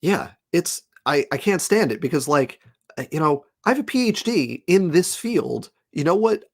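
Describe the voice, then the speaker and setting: A man talking as a guest scientist in a casual conversation, speaking emphatically with an exasperated edge and quick asides. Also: fairly high pitch, lively intonation.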